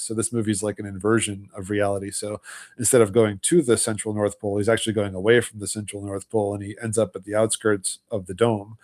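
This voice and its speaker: A man hosting a casual livestream, hoarse with his voice almost gone, tired, rambling through loose explanations. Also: lowish voice, darkish tone. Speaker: livestream host.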